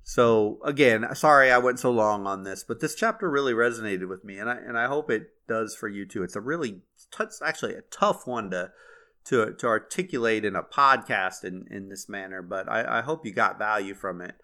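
A man's voice: lowish voice, brisk, pushed and bright. A man hosting a podcast, reading passages aloud and then reflecting on them in an earnest, conversational way. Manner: earnest, conversational, with fillers and restarts. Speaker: podcast host.

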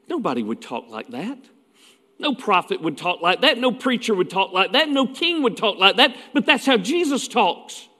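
A man's voice: sits high, a bit bright, in a large hall. A man preaching a sermon as pastor, telling stories in a folksy way with asides.

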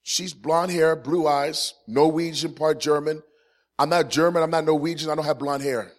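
Animated storytelling man, slightly high voice. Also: normal speed. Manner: animated storyteller, swings from loud punchlines to quiet earnest points. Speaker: Christian ministry speaker. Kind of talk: humorous personal testimony to a live audience.

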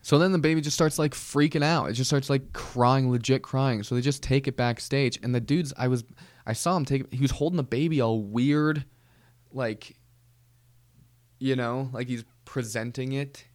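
A man hosting a comedy podcast, telling a rambling deadpan story with casual slang. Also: mid-range voice, moderate pace, dry recording. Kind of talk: comedic monologue.

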